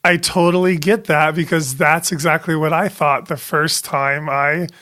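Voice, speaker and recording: A man's voice: on the high side, steady tone, a little slow, bright, forceful tone. Joking, easygoing man co-hosting a podcast. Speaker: podcast co-host. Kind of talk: casual chat.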